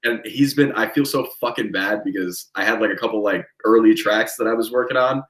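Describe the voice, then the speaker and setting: Animated storytelling man in an echoey room. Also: on the low side, fairly quick. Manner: animated storyteller, swears freely. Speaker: podcast co-host. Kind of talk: casual chat, storytelling.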